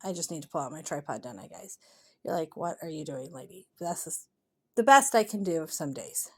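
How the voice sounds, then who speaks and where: A woman's voice: low-pitched, sing-song, moderate pace, breathy edge. Chatty encouraging woman vlogger. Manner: chatty, rambling, self-deprecating; earnest and encouraging. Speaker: mother and vlogger. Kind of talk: casual day-in-the-life voiceover.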